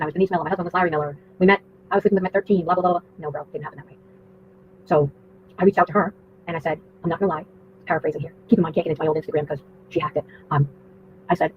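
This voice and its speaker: Fast-talking woman on a tinny line. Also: low-pitched. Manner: rambling, profane, indignant. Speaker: livestreamer. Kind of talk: livestream storytelling rant. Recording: tinny phone-like audio with faint noise.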